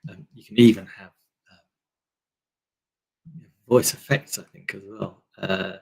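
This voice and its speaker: A man's voice: on the low side, fairly even intonation, a little slow, creaky, darkish tone, slightly rough. A man hosting a casual live stream, rambling through products with lots of fillers into a desk microphone. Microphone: desk microphone on a table stand.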